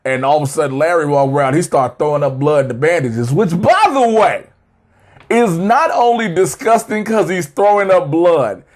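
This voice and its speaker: A man co-hosting a casual TV review, recapping an episode with animated banter and squeaky voices for the characters. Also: moderate pace. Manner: animated, acts out characters in high squeaky voices, laughing often. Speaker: co-host of a TV review show.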